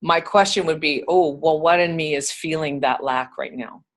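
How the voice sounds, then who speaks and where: A woman leading a spiritual group discussion, calmly coaching others with reflective questions. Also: sits low, normal speed.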